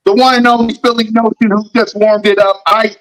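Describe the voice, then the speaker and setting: A man's voice: high voice, level tone, a little fast, fairly bright tone, poor audio. A man hosting a fan sports talk show, ranting in a heated, mocking way and repeating lines for emphasis.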